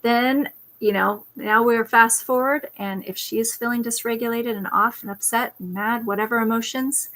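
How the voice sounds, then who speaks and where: A woman's voice: a little high, steady tone, moderate pace, hardly any pauses, a bit bright. A woman parenting coach telling a personal story on a talk show over a video call, reflective, now and then putting on her child's pleading voice.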